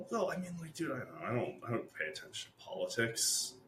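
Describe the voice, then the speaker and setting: A man co-hosting a podcast, ranting in casual chat, animated and profane. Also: mid-range voice, fairly quick, roomy sound, crowd noise. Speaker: podcast co-host.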